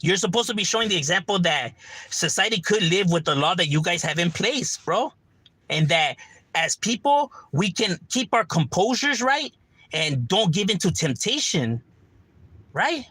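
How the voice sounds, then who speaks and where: A man's voice: sits high, sing-song, moderate pace, bright, forceful tone, breathy edge, no room sound, low-quality recording. A man telling street stories in casual, slangy, profane chat on a livestream.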